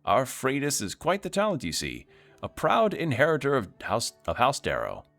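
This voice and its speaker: A man putting on a pompous middle-aged magistrate in a narrative game, boasting about his daughter in a falsely jovial, raised voice. Big swings of pitch keep it showy. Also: huge pitch swings, moderate pace, gravelly, a bit bright, soft background music, exaggerated voice.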